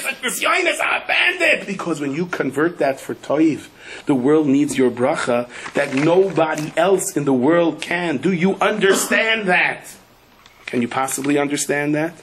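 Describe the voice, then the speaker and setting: A man preaching as a rabbi, telling stories in an animated way and acting out the people in them. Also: mid-range voice, a little hiss or hum. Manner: animated storyteller, acts out the people in his stories. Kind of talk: sermon with storytelling.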